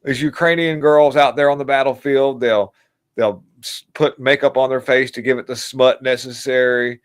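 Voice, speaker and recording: A man's voice: mid-range voice, fairly even intonation, normal speed, clear, resonant tone. A man hosting a casual political livestream, rambling and mocking in a crude way and laughing at his own jokes. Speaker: livestream host.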